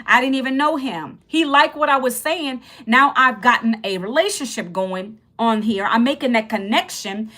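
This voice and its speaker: On a relaxed livestream about earning money online, a woman in her fifties speaks in a highish, bit-bright voice. She greets viewers cheerfully and repeats phrases while teaching.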